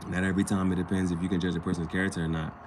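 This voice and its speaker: A man's voice: low-pitched, very fast, a little hiss or hum. A man vlogging in a casual, slangy storytelling chat, acting out the people he talks about. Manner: animated, slangy, acts out quoted people.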